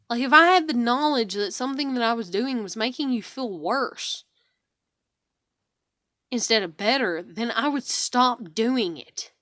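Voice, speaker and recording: A depressed middle-aged woman talks straight to her camera, venting and cursing through a long string of "you know"s and "I'm like"s. Her voice sits a touch high and sounds worn down. The recording is close and dry, with no room around it. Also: a bit bright, no echo. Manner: venting, swears a lot, many fillers. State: depressed and weary. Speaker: vlogger. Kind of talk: emotional personal vlog rant.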